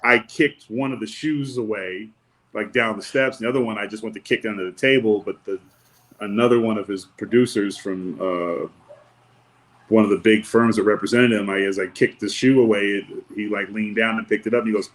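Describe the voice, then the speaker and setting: A man's voice: on the low side, fairly even intonation, brisk, poor audio. A man on a podcast, a wrestler and former bodyguard, telling a long anecdote in a laid-back, wry way and acting out what other people said. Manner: laid-back, wry storyteller who acts out quotes. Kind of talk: storytelling anecdote in casual chat.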